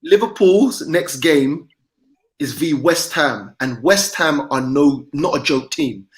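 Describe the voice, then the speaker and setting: A man's voice: on the high side, lively intonation, slow. A man hosting a casual football podcast over a video call, reading out comments and teasing his co-hosts. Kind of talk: casual banter.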